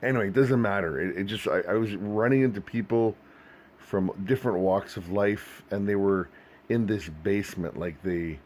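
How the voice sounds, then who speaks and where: A man's voice: lowish voice, moderate pace, darkish tone, a little hiss or hum. A man earnestly recounting a vivid dream in a searching, storytelling way. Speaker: Christian video host.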